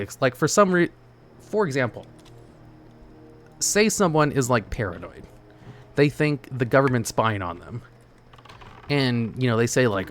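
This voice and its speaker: A man's voice: medium pitch, lively intonation, moderate pace, long pauses, soft background music. A male streamer chatting casually with his viewers while he plays, in a laid-back, rambling way with lots of "like" and "you know". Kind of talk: casual chat while gaming, answering chat.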